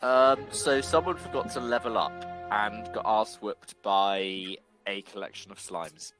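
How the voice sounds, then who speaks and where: A man's voice: on the low side, a little slow, fairly bright tone, soft background music, poor audio. A man playing a tabletop game, rambling and joking with lots of self-interruptions. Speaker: player. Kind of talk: casual tabletop banter.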